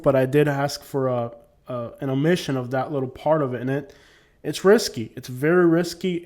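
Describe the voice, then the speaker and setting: A young man from Cuba gives casual commentary with a slightly high voice. He talks in an emphatic, preachy way and addresses his viewers directly. When he reads a letter aloud, his delivery turns formal. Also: darkish tone.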